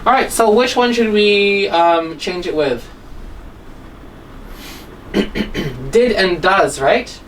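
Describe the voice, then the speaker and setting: A woman's voice: mid-range voice, animated, very slow, pauses often, distant mic, low-quality recording. Brief: female English teacher mid-lesson, chatty tag questions, mic set back from her with faint room hum. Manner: checks in constantly with "okay?" and "right?". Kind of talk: grammar lesson, explaining.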